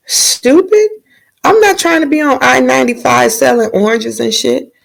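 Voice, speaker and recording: A woman's voice: high-pitched, measured pace, vocal fry, pitched above the performer's own voice, heavily acted. A woman doing a blunt, scornful princess. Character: dismissive young princess.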